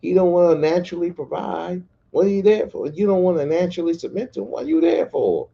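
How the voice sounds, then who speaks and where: Male podcast host, blunt profane rant, mellow tone, dull lo-fi audio. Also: high voice, big pitch swings, fast, gravelly. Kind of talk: casual livestream rant.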